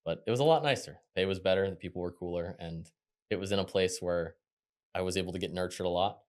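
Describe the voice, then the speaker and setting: A young man with a deep, low-pitched voice talks at a brisk clip. He tells stories from his working life as an interview guest, loose and chatty, and his voice comes alive when he acts out what others said. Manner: quick, chatty, animated when quoting others. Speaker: podcast guest. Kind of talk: casual interview storytelling.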